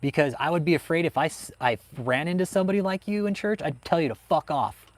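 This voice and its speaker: A man's voice: fairly high pitch, fast, no room sound. A man hosting a livestream, ranting heatedly and swearing constantly as he answers chat. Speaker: host of a livestream on cults. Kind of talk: profane livestream rant, reading chat.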